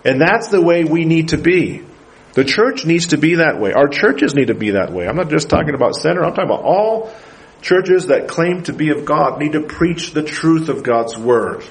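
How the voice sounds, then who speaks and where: A man's voice: a little high, lively intonation, moderate pace, low-quality recording. A man preaching a sermon as pastor in a church, building to emphatic bursts and putting questions to the congregation.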